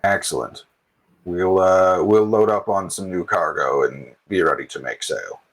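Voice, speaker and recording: A man's voice: low-pitched, measured pace, low-quality recording. A man voicing a seasoned male airship captain, a former military pilot who speaks in clipped, terse sentences.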